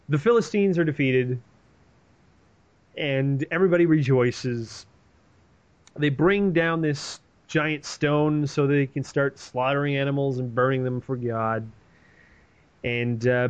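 A man's voice: medium pitch, highs cut off. A man retelling a story in a casual, comedic way, swearing and rambling with plenty of animation.

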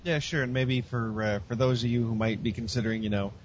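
A man co-hosting a podcast in casual chat, wry and teasing, halting with fillers. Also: mid-range voice, steady tone. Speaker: podcast co-host. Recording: dull lo-fi with faint hum.

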